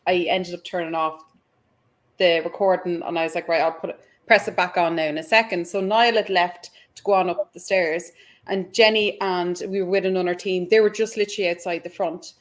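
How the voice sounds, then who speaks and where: A woman's voice: fairly low pitch, fairly even intonation, brisk. A woman, a paranormal investigator who eagerly jumps in to tell her own ghost story as a podcast guest. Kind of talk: storytelling in conversation.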